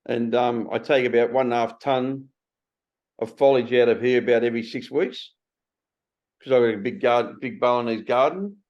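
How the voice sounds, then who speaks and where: An Australian man in his sixties hosting a casual conversation, blunt and animated, swearing freely. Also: mid-range voice, normal speed. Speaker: podcast host. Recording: slightly muffled recording.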